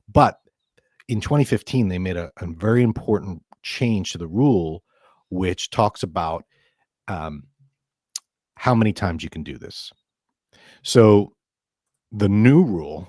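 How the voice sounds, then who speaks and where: Low-voiced chatty male radio host. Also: lively intonation, normal speed, long pauses, a little mellow, slightly rough, dry recording, studio quality. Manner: chatty, restarts, emphatic asides. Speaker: financial advisor and podcast host. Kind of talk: casual radio-show explainer.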